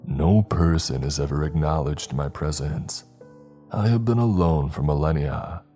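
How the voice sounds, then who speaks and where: A man voicing an ancient nameless being in a wall, with a deep, raspy voice and a slow, formal, curious manner. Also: dark tone, soft background music. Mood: eerie, calm.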